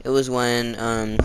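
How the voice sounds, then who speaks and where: A man's voice: medium pitch, background noise. A teenage boy telling a school story in a casual, rambling way, full of fillers and restarts. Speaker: storytime vlogger.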